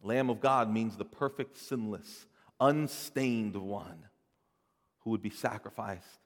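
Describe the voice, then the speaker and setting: A man preaching a sermon, swelling loud and dropping soft, often repeating words as he builds a point. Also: on the low side, slow pace, big-room sound. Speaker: pastor.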